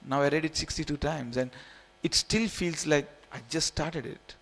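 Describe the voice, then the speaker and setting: On the high side and a bit bright, his voice moves at a normal speed. In a temple hall, this Indian-born man in his forties gives an easygoing, humorous scripture class, repeating phrases to draw his listeners in.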